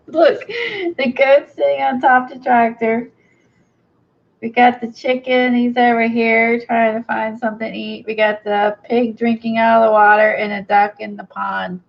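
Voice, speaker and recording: This woman's fairly high voice stays steady and measured, with a touch of vocal fry, as she hosts a craft video. She thinks out loud while working on her project, getting excited about small discoveries, and the audio sounds dull and lo-fi.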